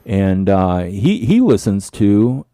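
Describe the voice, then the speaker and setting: A man's voice: fairly low pitch, big pitch swings, slow, dark tone, no echo. A man co-hosting a podcast in casual chat, his voice tired and scratchy, rambling and restarting his sentences. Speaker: podcast co-host.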